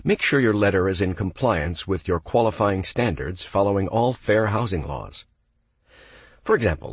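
A man's voice: low-pitched, slightly rough, no echo. A man, a property manager, giving step-by-step instructional narration and acting out phone calls with an applicant. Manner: coaching, step-by-step explanations.

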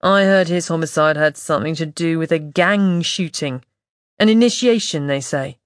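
A man's voice: on the high side, normal speed, smooth, no room sound, studio quality, lightly acted. Woman doing a nasal, wheezy suspicious cop. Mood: insinuating. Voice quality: squeezed nasal voice with a smoker's wheeze. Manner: suspicious, curt. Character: suspicious, nervy male police officer, smoker.

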